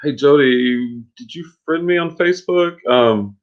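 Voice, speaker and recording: A man's voice: medium pitch, measured pace. A man co-hosting a casual live stream late at night, tired and easygoing, reading out viewer comments. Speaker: co-host of a reselling live show. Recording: dull lo-fi stream audio.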